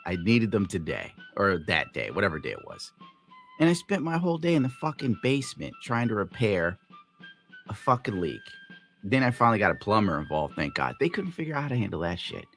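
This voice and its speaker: A man's voice: lowish voice, wildly swooping pitch, fairly quick, a bit bright, faint music behind. A tired man live streaming, telling a rambling, profane story in a grumbling way. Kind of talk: rambling livestream rant.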